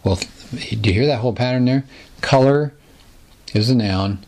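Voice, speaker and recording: A man's voice: medium pitch, normal speed, darkish tone. A man teaching a recorded Bible lesson, explaining patterns and reading scripture aloud, often asking his listeners rhetorical questions.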